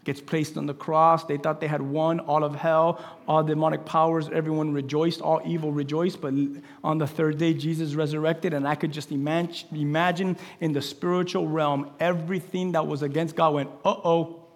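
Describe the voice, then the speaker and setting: A man preaching a sermon to his church, rambling and conversational, swinging from loud exclamations to hushed near-whispers. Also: a little high, little pitch movement, moderate pace, hardly any pauses. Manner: rambling and conversational, with asides to the congregation. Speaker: pastor. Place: church sanctuary. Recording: long reverb of a large hall.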